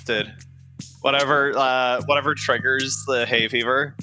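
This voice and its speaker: Man, tabletop player, casual and laid-back, bright forceful tone. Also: mid-range voice, steady tone, unhurried, soft background music. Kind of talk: tabletop game play.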